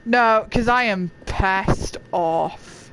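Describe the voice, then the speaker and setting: Slow-talking, excitable let's play gamer. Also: mid-range voice, a little hiss or hum, rough recording. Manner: excitable, swears, cries out in dismay.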